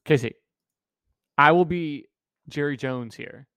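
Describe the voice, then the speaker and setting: A man's voice: a little high, slow pace, a bit bright, clean tone, dry recording, studio quality. A man co-hosting a casual sports podcast, goofy and playful, pushing silly bits on his co-host.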